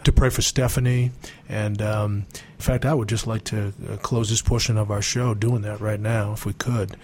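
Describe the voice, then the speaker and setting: A male show host gently introducing a guest and leading a prayer. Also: on the low side, little pitch movement, moderate pace, a little hiss or hum. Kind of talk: interview and prayer.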